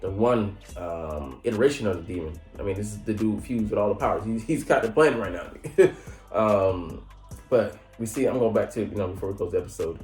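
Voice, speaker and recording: A man with a low voice recaps an anime episode in loose, slangy chat, laughing often and popping into high mock voices for the characters. His voice rings in a roomy space, with faint music playing underneath. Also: a little mellow. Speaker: anime reviewer.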